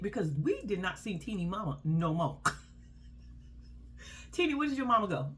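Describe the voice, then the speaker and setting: A woman's voice: mid-range voice, normal speed, long pauses, background noise. Blunt, laughing woman recapping reality TV. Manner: blunt, profane, laughing, animated storytelling. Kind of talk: casual commentary.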